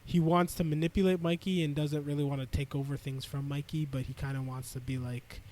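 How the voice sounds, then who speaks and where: A man's voice: fairly high pitch, fairly quick. A young man co-hosting a podcast, recapping an anime casually and acting out the characters' lines as he goes. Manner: animated, acts out characters' lines mid-recap. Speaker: podcast co-host.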